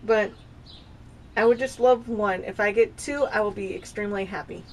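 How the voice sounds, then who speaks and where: A woman in her thirties chats into her camera at home in a loose, confessional vlog. She wanders from thought to thought, restarting sentences as she goes, and her pitch sits in an ordinary middle range. A faint hum of the room hangs behind her. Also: normal speed, darkish tone. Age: 30s. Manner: rambling and confessional, with frequent restarts. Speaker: vlogger. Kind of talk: casual personal vlog. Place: home with dogs nearby.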